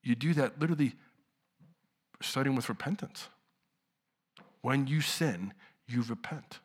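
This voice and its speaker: A middle-aged man preaching a sermon to his church in a conversational way, dropping to hushed lows and rising to loud outbursts. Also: lively intonation, measured pace, slightly rough. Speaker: pastor.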